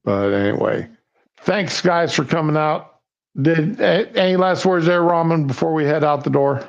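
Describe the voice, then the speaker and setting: Older male host, halting casual chat, muffled lo-fi stream audio. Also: a little high, animated, creaky. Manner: halting, with many restarts and fillers.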